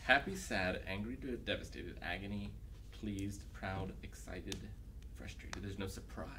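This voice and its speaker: A man's voice: sits low, measured pace. A man reading game cards and gift notes aloud during a casual mail-opening chat with friends. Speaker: show regular. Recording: slightly distant mic, faint room noise.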